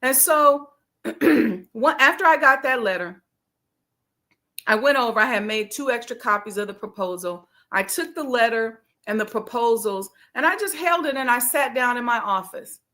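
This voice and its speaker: Bright animated woman telling a story. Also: fairly high pitch, normal speed. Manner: animated storyteller acting out her own inner voice; casual, conversational with frequent fillers. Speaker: host, life coach. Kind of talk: storytelling monologue.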